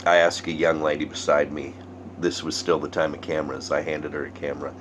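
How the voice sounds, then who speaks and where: A man tells a story in an animated way, acting out each quote. His voice sits in the middle range and sometimes drops to a whisper. A faint hum runs underneath. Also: rumbling low, fairly quick. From Southern United States. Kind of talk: spoken story performance.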